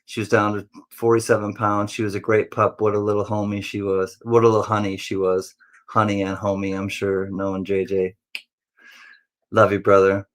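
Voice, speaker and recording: A man hosting a casual livestream who greets viewers one by one in a friendly, rambling way and now and then jumps into silly high voices. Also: completely flat delivery, moderate pace.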